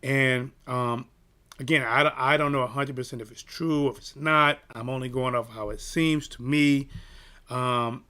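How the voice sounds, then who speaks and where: A man hosting a boxing channel, telling a personal story in an animated, emphatic way and checking in with "right?". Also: mid-range voice, a little slow, clear, resonant tone. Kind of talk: casual storytelling rant.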